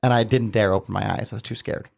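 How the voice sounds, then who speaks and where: Low gravelly man telling a story. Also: steady tone, fast talker. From Southern Utah, USA. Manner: rambling, many "like" fillers, earnest. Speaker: podcast guest. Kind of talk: casual personal storytelling.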